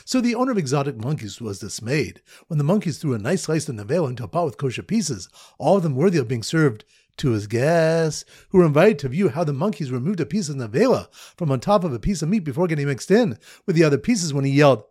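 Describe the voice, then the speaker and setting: A man teaching a Talmud lesson through mnemonic stories, in a lively storytelling manner with sing-song emphasis on repeated phrases. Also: on the high side, slightly rough, no room sound, studio quality.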